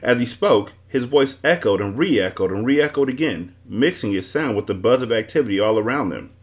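A man's voice: mid-range voice, expressive, normal speed. A man reading a children's novel aloud as the host of a book club show.

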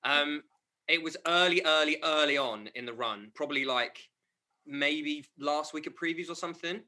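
Bright-voiced laughing man. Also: on the high side, moderate pace. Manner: animated, laughing storyteller. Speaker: musical theatre cast member. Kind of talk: casual backstage chat.

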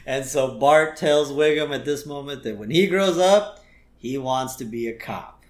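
A man's voice: mid-range voice, a little slow. A man co-hosting a podcast, casually recapping a cartoon episode, laughing often and quoting lines. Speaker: podcast co-host. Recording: roomy echo.

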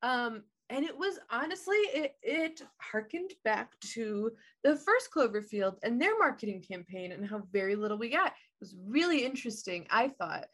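A woman in casual conversation about movies, with a slightly high voice. She talks freely, laughs often, and swears now and then. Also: sing-song, normal speed, hardly any pauses, a bit bright. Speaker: podcast co-host. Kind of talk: casual chat about films.

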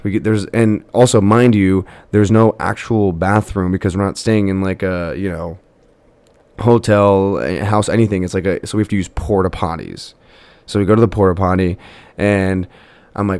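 A man's voice: sits low, a little fast, no room sound. A young man hosting a podcast, telling a personal story in a rambling, casual way with many fillers. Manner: rambling, filler-heavy, animated retelling. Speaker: podcast host.

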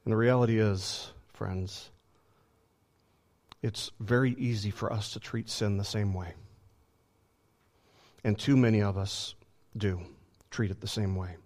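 A man's voice: lowish voice, steady tone, a little slow, pauses often, darkish tone. A man preaching a sermon with emphasis, often repeating words as he builds a point.

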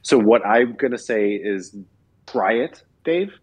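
A man's voice: mid-range voice, expressive, slow pace. A man co-hosting a casual podcast, playfully egging the others on. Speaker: podcast co-host.

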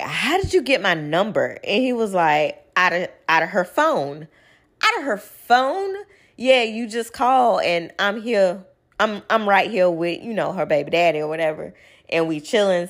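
A young woman, chatting casually at home as she tells a personal story and quotes people's lines. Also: on the low side. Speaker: vlogger. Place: home living room.

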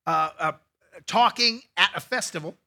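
Bright, high-voiced male pastor preaching. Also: normal speed, creaky. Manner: conversational preaching with asides to the congregation. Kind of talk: sermon.

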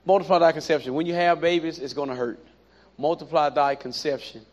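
A man preaching a sermon, animated and repetitive, with playful asides. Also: fairly high pitch, brisk. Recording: dull lo-fi recording.

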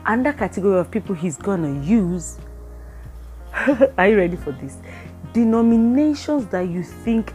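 A woman with a Nigerian accent giving a casual devotional talk. She speaks with lively energy, acts out bits of dialogue, and drops in pidgin phrases. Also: mid-range voice, normal speed, pauses often, soft background music. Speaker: Christian speaker.

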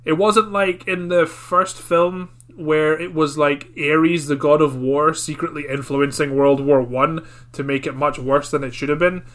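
Podcast guy, bright tense voice, jokey and sweary. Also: a little high, steady tone, a little slow, hardly any pauses. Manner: joking, swears freely, laughs often. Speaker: podcast co-host. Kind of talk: casual chat.

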